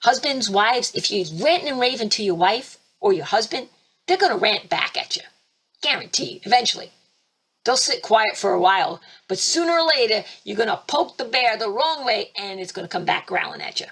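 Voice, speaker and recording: A woman spiritual teacher hosting a webinar, talking emphatically and fervently, with sudden leaps in pitch and loudness. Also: animated, normal speed, slightly rough. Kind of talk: impassioned preaching webinar talk. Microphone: computer mic for a webinar.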